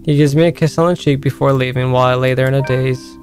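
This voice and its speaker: A man's voice: mid-range voice, steady tone, quick pace, darkish tone, faint music behind. A man streaming a story game, reading the narration aloud and breaking off to chat with and thank his viewers.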